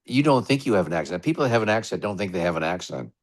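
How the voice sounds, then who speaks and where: A man's voice: fairly low pitch, animated, racing. An American man, a radio DJ, telling rambling stories as a guest in a casual interview. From United States. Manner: chatty, rambling anecdotes.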